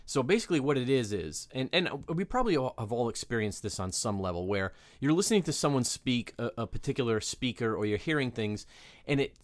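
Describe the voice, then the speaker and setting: A man co-hosting a podcast, chatting playfully and leaning on loose fillers as he talks. His pitch sits in the middle for a man. The recording is close and dry, with no room sound. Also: big pitch swings, a little fast, dry recording. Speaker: podcast co-host. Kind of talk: casual chat.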